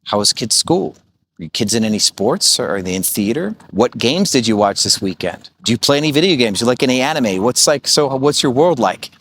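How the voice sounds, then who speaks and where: A man's voice: medium pitch, expressive, fairly quick, fairly bright tone, a little hiss or hum. A man in his thirties coaching rental hosts in a blunt, profane, storytelling way, full of fillers like "like" and "right?". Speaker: short-term rental business coach. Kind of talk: casual vlog monologue.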